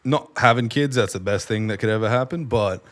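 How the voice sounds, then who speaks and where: A young man from Perth, chatting as a podcast guest. He tells his story loosely, with casual swearing, quick restarts and a middle-pitched voice. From Perth, Western Australia.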